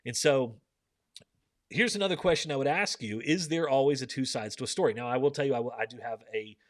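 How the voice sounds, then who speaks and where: An earnest man with a voice of ordinary pitch leads a live book discussion. He reads scripture aloud and puts questions to his listeners. The sound is dry and close, with no room echo. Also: a little fast.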